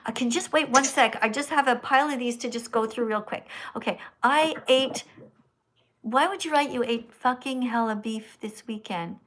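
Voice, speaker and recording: Woman streamer, kinda high voice, blunt and preachy, reads out chats then lectures slow. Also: fairly bright tone. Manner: blunt, scolding. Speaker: livestream host reading donations. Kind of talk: live stream chat.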